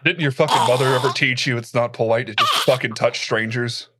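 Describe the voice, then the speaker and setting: A man's voice: medium pitch, brisk, very noisy, close to an everyday voice. A man playing a violent, crude male crewman with mock-polite menace. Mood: menacing.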